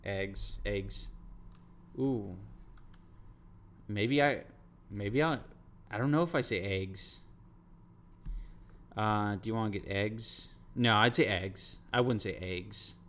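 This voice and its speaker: In a casual livestream, a man with a fairly low, fairly bright voice speaks slowly and pauses often. He rambles, curses, and reacts to his chat as he talks with viewers.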